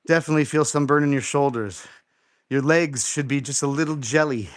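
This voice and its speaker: A middle-aged man hosts a live workout show, encouraging a viewer through exercises, repeating his instructions and counting reps aloud. He's out of breath from exercising, his voice a little high and brisk, captured in a dry, studio-quality recording.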